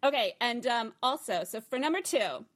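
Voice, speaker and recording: Bubbly podcast host, woman: lively swooping pitch, gushing, filler-heavy casual talk. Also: moderate pace. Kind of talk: casual chat.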